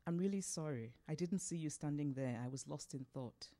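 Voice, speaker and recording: An earnest young man, as a woman reading aloud puts him on. He speaks softly and sincerely, a little lower and quieter than the narration, in a read-aloud story. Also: a little fast. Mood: apologetic.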